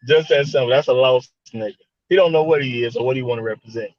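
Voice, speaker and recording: A man's voice: mid-range voice, wildly swooping pitch, moderate pace, dry recording, lo-fi sound. A man co-hosting a casual online panel talk, speaking in loose slang and often starting with "my thing is". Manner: conversational, repeats "my thing is", slang-heavy. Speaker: podcast co-host.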